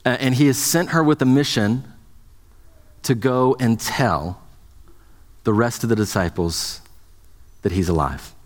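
A man's voice: mid-range voice, a little slow, pauses often, long reverb tail. A man preaching a sermon as pastor, speaking conversationally with many restarts and fillers.

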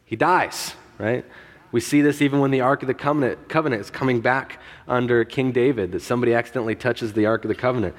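Guy preaching in a church, chatty and jokey, lots of ums, long echo off the hall, middle-pitched voice. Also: fast. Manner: conversational and joking, with frequent fillers and restarts. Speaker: pastor. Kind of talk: sermon. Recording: long reverb of a large hall.

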